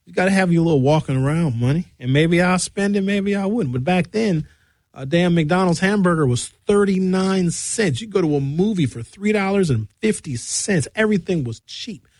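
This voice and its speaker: Middle-aged male radio host, comic storyteller, slightly high voice, dry studio sound. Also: expressive, moderate pace, darkish tone, no echo. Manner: loose, bawdy, storytelling with acted-out voices. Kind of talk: comedic monologue.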